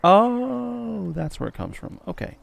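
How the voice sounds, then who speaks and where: Excitable young man streaming a game. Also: sits high, takes it slowly, gravelly. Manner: excitable, swings from loud yelps to muttering. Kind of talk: let's play commentary.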